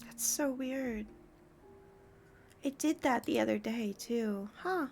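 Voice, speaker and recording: Giggly high-voiced young woman streamer. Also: takes it slowly, gravelly, soft background music. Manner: gushing, giggly, greets chat warmly. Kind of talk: casual live-stream chat.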